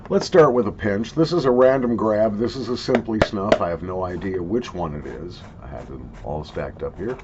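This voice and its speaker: A man from Minnesota with a light, mostly trained-out Minnesotan accent, answering viewer questions with crisp radio-announcer diction and dry humor, recorded in a basement. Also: on the low side. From Minnesota, USA. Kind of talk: slow deliberate vlog talk, words spaced apart. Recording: dull lo-fi audio with faint background hiss.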